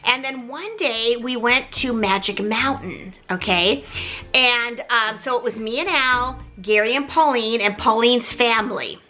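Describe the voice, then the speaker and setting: A middle-aged woman telling a story in a casual, animated way, often talking straight to the viewers. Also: fairly high pitch, a little slow, faint music behind. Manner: animated, chatty, keeps addressing viewers. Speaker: mother telling her story.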